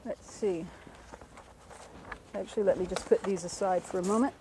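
A woman's voice: medium pitch, fairly even intonation, normal speed, noisy background. A woman linguist giving a patient, step-by-step radio lecture, explaining sounds and writing examples as she talks, with frequent ums and small self-corrections. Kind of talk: radio lecture with whiteboard demonstration.

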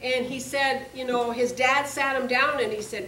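Woman, high voice, earnest confessional testimony, distant mic, echoey hall. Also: steady tone, normal speed, hardly any pauses, bright, forceful tone. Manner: earnest and confessional, repeats phrases for emphasis. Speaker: speaker giving a testimony. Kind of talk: personal testimony sermon. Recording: echoey room, distant mic, faint hiss.

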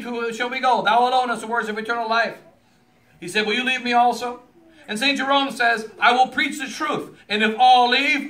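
A man, a priest, preaching an emphatic sermon that rises to forceful exclamations, heard in a chapel. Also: extremely high pitch. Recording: echoey church from far off.

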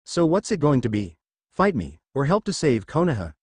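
A man's voice: fairly high pitch, very animated, normal speed, a little mellow, breathy edge, dry recording. A man doing a sly, ruthless old leader. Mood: menacing. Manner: cold, menacing.

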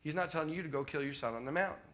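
Preaching at a rapid-fire clip, this Canadian man addresses a congregation in a bright, forceful voice pitched slightly above the typical male range. His sermon style is conversational, with repeated key lines and constant checks that listeners follow him.

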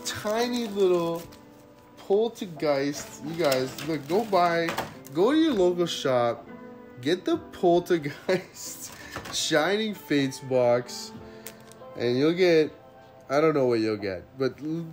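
A man hosting a card-opening video, chatting casually to viewers and getting excited, jumping high when good cards show up and dropping to quiet murmurs in between. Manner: excitable, jumps up high when hits appear, then drops to low murmurs. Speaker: card-opening channel host. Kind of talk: casual unboxing chat to viewers. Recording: music playing under the voice.

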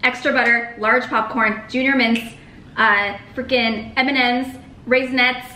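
A woman's voice: on the high side, fairly even intonation, a little slow, pushed and bright. Bubbly young woman, echoey room. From United States. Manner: bubbly, laughs often. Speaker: co-host. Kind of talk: casual chat while eating. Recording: echoey room with faint noise.

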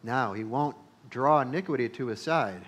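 A male pastor preaching a sermon, emphatic, repeating phrases and building to loud peaks. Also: medium pitch, animated, moderate pace.

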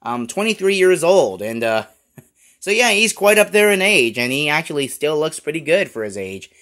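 A man's voice: fairly high pitch, big pitch swings, normal speed, a bit bright. A man giving a casual, rambling toy review with many fillers. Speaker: toy collector YouTuber.

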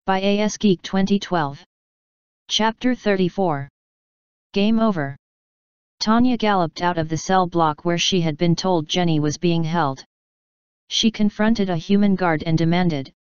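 A woman reading fan fiction aloud in a measured narration. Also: fairly low pitch, clear, resonant tone, dry recording, lo-fi sound. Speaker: fanfiction reader. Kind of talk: audiobook narration.

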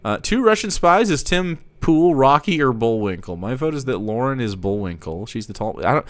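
A man's voice: a little high, sing-song, moderate pace, hardly any pauses, smooth, no echo, clean studio sound. A man hosting live news commentary, reading an article aloud with sarcastic, profane asides. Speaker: streamer host.

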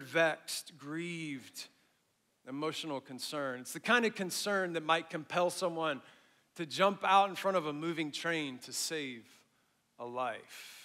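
Bright-voiced pastor preaching with animated emphasis. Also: male voice, fairly high pitch. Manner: animated preaching, rising in emphasis and dropping to a hush at phrase ends; conversational asides to the congregation. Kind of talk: sermon.

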